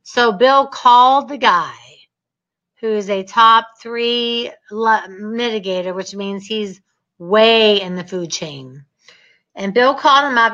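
A woman teaching a real estate seminar, telling stories in an emphatic, energetic way with lots of repetition. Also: on the high side, slow pace, dull audio.

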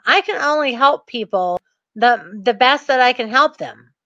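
A woman's voice: sits high, pushed and bright, dry recording, highs cut off. A woman coaching her real estate students in a motivational talk, earnest and emphatic, repeating her points for stress.

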